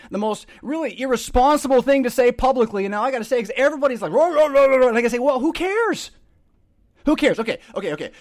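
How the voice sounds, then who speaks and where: High-voiced male host, rambling preacher with sarcastic asides, dry close sound. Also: no room sound. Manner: rambling, emphatic, repeats words. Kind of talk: casual preaching monologue.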